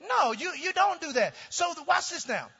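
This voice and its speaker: A middle-aged male pastor preaching a sermon with call-and-response, swinging from shouts down to low, quiet tones. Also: very animated, normal speed. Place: church sanctuary. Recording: dull sound with long hall reverb.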